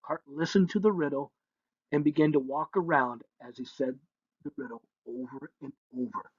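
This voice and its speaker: A man's voice: a little high, expressive, normal speed, fairly bright tone, husky, no room sound. A man narrating a children's story in a playful way, humming sound effects between lines, on a dull lo-fi recording.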